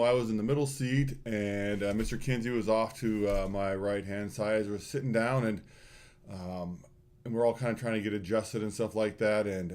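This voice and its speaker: A man telling students a personal story in a morning school address, animated and full of fillers. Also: fairly low pitch.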